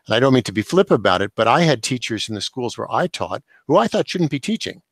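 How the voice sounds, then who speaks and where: An older man speaks as an interview guest, laying out his points in a measured, explanatory way. His voice sits at an ordinary middle pitch. The sound is dry and close, with no room echo. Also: very animated. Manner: measured, explanatory, occasional chuckle. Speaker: guest, education professor and author. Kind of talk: thoughtful interview answers.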